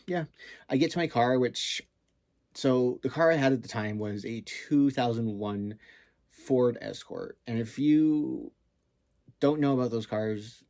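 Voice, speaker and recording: A man's voice: mid-range voice, measured pace, dark tone, dry recording, studio quality. Man rambling through a wild story. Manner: rambling, lots of fillers and swearing. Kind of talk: casual storytelling.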